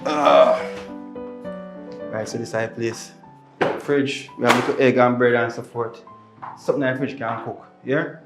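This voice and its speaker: A man's voice: medium pitch, fairly even intonation, normal speed, vocal fry, long pauses, over loud music, lightly acted. A man playing a father who brings his daughter home, pleading and repeating himself in patois-laced talk.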